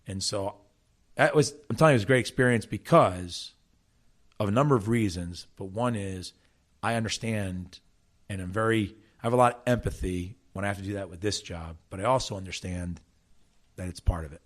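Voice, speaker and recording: Speaking fairly quickly in a lowish voice, a middle-aged South Jersey man, USA, shares stories as the guest of a casual interview. He coaches soccer and used to play it. His storytelling is lively, full of restarts.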